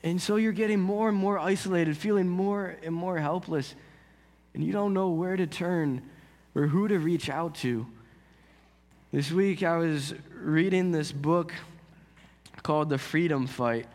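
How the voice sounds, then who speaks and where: A man's voice: a little high, unhurried, a little mellow, big-room sound. A man preaching a sermon in an earnest, conversational way, telling a story. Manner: earnest, conversational, builds intensity. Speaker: pastor.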